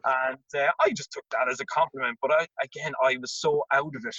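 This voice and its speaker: A man, a tennis coach telling an animated anecdote as an interview guest and acting out the voices in it. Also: mid-range voice, fast talker, hardly any pauses, husky, no room sound. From Ireland. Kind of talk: casual storytelling. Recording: dull lo-fi remote audio.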